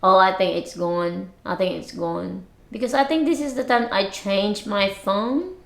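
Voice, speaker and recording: A woman's voice: mid-range voice, unhurried, gravelly, fairly bright tone. Giggly woman vlogging in an echoey room. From Philippines. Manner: chatty and giggly, trailing off and restarting. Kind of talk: casual chat to camera. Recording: roomy echo.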